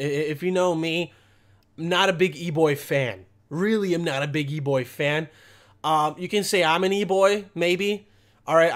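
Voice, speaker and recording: High-pitched young male host, crude mock-outraged rambling commentary. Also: fairly bright tone. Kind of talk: comedic reaction commentary.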